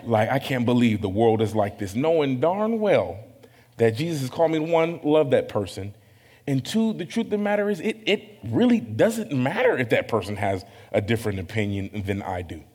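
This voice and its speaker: A man preaching a sermon in a casual, conversational way, with self-deprecating, animated asides. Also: medium pitch, normal speed, husky, in a large hall. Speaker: pastor.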